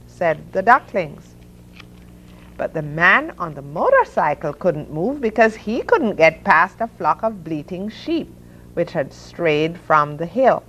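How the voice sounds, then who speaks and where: A woman hosting a children's story hour, reading picture books aloud with expressive sound effects for the animals. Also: lowish voice, a little slow, slight background noise. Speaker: children's story reader and host.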